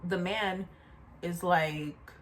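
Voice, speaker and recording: A woman's voice: fairly low pitch, extremely slow, slight background noise. Chatty woman telling a storytime tale. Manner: animated, chatty, repeats asides to the viewer. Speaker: storyteller vlogger. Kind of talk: casual storytime.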